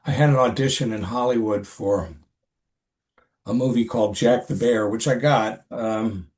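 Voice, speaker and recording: An older man with a medium-pitched voice recounts an old experience in a relaxed interview. He talks in a halting, rambling way, circling back with fillers and restarts as he goes. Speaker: actor, podcast guest. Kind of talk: casual interview storytelling.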